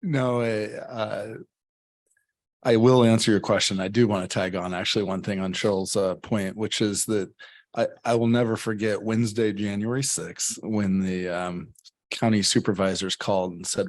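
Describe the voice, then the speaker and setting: Low-voiced older man, measured panel answer. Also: steady tone. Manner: measured, with frequent fillers. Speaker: health system leader on a panel.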